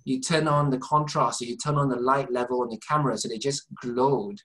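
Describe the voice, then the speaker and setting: A man's voice: medium pitch, fairly even intonation, brisk, a bit bright, low-quality recording. Earnest man telling a long story. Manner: earnest, meandering, many restarts. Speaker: interview guest. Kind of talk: conversational storytelling. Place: Southampton, UK.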